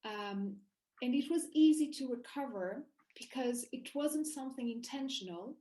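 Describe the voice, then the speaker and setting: Woman guest on an interview, kinda high voice, gets animated telling her story, lots of restarts. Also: moderate pace, poor audio. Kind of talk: casual interview conversation.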